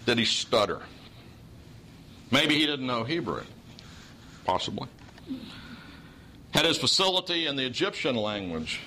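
A man's voice: mid-range voice, bright, forceful tone, slight background noise, low-quality recording. A man from Oklahoma with a Southern accent, preaching a sermon in a folksy storytelling way with dry humor.

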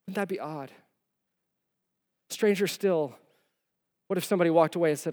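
A pastor and father of four, somewhere between young adult and middle-aged, preaches a sermon in a large hall with long reverb. His voice sits high and moves fairly quickly, with long pauses, as he tells stories animatedly, swinging from hushed to loud.

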